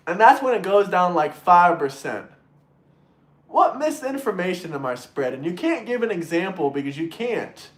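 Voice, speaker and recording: A man hosting a political livestream, ranting in a mocking, crude, sarcastic way and mimicking opponents in shrill voices. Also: reverberant. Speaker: livestream host reading super chats.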